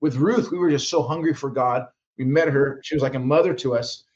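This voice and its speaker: A man's voice: mid-range voice, brisk, darkish tone, highs cut off. A man guest minister telling stories in an interview, acting out quoted voices with frequent restarts. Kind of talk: animated storytelling interview.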